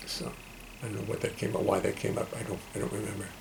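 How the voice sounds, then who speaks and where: A man, a singer and bassist, chatting wryly and rambling between songs in his home studio. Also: little pitch movement, fast, vocal fry, slight background noise. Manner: rambling, wry, self-deprecating asides. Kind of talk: live-streamed studio chat and song. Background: his own bass and guitar playing.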